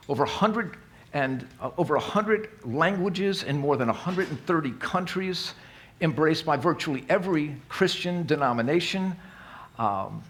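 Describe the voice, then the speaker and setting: In a church hall, an Alpha course leader gives an informal talk introducing the faith, speaking in a folksy, self-deprecating style and frequently starting his sentences over. His voice is medium in pitch with a fairly bright tone.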